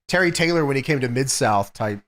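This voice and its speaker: A man's voice: medium pitch, animated, a little fast, fairly bright tone. A man co-hosting a casual chat, riffing sarcastically and swearing a lot. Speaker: podcast co-host.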